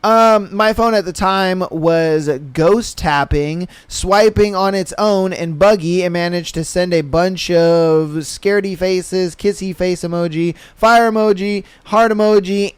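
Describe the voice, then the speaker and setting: High-voiced, slangy male podcast host. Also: clean tone, no echo. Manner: slangy, laid-back, laughs often. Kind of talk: casual solo podcast commentary.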